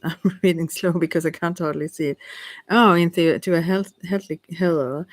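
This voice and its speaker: A woman with a Swedish accent, a native Swedish speaker, casually reading and talking through oracle cards for viewers, halting with many fillers and soft laughs. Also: fairly low pitch, fairly even intonation, no room sound. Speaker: oracle card reader.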